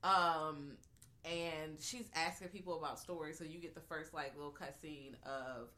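A woman's voice: low-pitched, steady tone, moderate pace, bright, forceful tone, a little hiss or hum. A woman co-hosting a podcast, a teacher, talking bluntly and profanely in casual chat. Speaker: podcast co-host.

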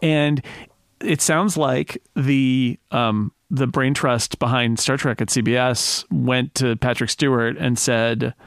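A man hosting a casual panel podcast, chatty and quick to laugh, often correcting himself mid-sentence. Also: mid-range voice, steady tone, creaky, no room sound, clean studio sound. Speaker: podcast host.

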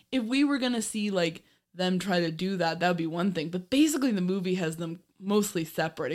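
A woman co-hosting a podcast, chatting casually about an old film, laughing often and swearing now and then. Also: on the low side. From Ireland. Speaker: podcast co-host.

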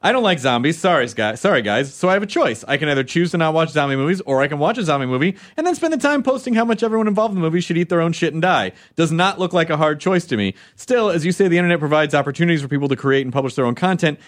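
A man's voice: a little high, very fast, few pauses. A man hosting a casual podcast chat, ranting and swearing freely. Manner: profane, ranting, animated. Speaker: podcast host.

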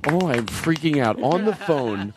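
A man's voice: fairly high pitch, expressive, unhurried, background noise. A man hosting a comedy talk show, giggly and teasing, laughing often during banter. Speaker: host.

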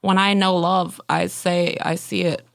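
A woman improvising a blunt, deadpan female robot that matches couples, talking in an offhand, filler-heavy way. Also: fairly low pitch, a little slow, creaky, no echo. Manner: offhand and deadpan, lots of likes and ums. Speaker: improv performer. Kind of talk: improvised comedy scene.

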